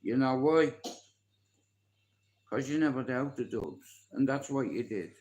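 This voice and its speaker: A man's voice: medium pitch, animated, slow, darkish tone, highs cut off. An Irish man in his forties, chatting on a live stream in a boastful, rambling way and swearing freely. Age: 40s. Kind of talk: casual live-stream chat.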